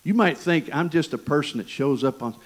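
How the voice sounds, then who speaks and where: A man with an East Tennessee Southern accent preaching a sermon, folksy and animated, with jokes and asides to the congregation. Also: on the high side, brisk, poor audio. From Michigan. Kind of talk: sermon with personal stories.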